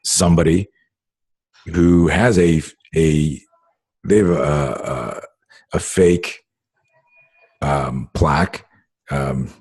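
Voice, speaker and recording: A middle-aged man with a very low, husky voice hosts a casual talk, telling long stories full of fillers and blunt swearing. He is recorded close and dry. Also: very slow, pauses often, a little mellow, no room sound. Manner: rambling storyteller with many fillers and swearing. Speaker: podcast host. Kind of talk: casual conversation.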